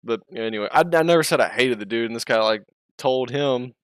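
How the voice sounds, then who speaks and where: A man's voice: medium pitch, brisk, clean tone, no echo, clean studio sound. A man streaming and chatting casually, rambling, interrupting himself, swearing and laughing often.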